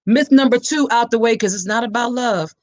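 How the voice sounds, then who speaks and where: A woman's voice: fairly high pitch, fairly quick, darkish tone, dry recording. A woman hosting a live awareness talk, preaching straight to her listeners with passion. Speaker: podcast host and survivor advocate. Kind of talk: live-streamed awareness talk, reading comments.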